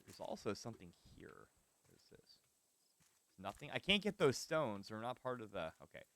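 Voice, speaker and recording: A man streaming a survival game, giving animated, swear-laden commentary and chatting with his viewers. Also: mid-range voice, normal speed. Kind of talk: live gameplay commentary.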